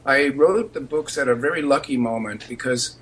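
A middle-aged man, an author being interviewed on radio, answering in a measured, thoughtful way. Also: mid-range voice, a bit bright, husky, poor audio. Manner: measured, thoughtful, with some fillers. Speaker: author guest.

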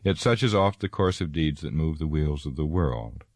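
A wise, ancient elf lord, as a deep-voiced man puts him on speaks in a grave, lofty and sorrowful tone, raised a little above the narration. The voice stays very low and the sound is dry. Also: expressive, moderate pace, darkish tone, no echo.

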